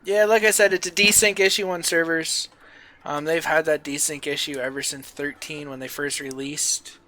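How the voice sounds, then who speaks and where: A man's voice: on the high side, level tone, normal speed. A man streaming a farming game, chatting casually with friends on voice chat. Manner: upbeat and chatty, with loud showman greetings.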